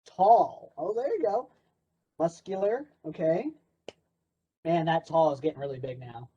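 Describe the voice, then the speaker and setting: A man's voice: fairly high pitch, expressive, a little slow, warm tone, breathy edge. A man presenting an interactive workshop in a playful, sarcastic way. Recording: dull lo-fi recording.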